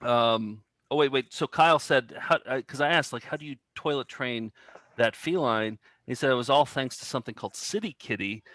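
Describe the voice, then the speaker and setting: A man's voice: mid-range voice, fairly bright tone, no echo. Rambling man co-hosting a chat show. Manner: rambling, full of fillers and restarts. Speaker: co-host. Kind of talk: casual chat.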